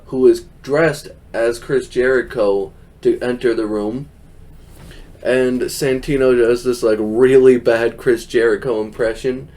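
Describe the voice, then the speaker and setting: A man's voice: medium pitch, darkish tone. A young man hosting a podcast, recapping a show in casual, rambling chat, laughing often and quoting people in silly voices. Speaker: podcast host.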